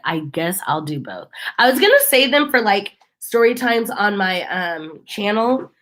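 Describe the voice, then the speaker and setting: A woman vlogger in casual chat, telling a story in a chatty way full of fillers. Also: fairly low pitch.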